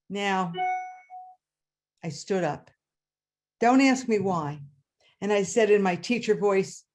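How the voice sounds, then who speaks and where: A woman who was a third grade teacher, telling a personal story live to an audience with dramatic pitch leaps. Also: very animated, unhurried, long pauses. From New York area. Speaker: storyteller, retired-style schoolteacher.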